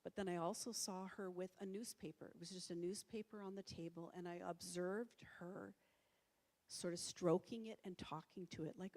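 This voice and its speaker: A middle-aged woman presents to an audience in a conversational way, full of ums and restarts. Her voice sits low. The sound carries the long reverb of a church hall. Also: fairly even intonation, normal speed, darkish tone. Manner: conversational, with many fillers and restarts. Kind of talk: public talk.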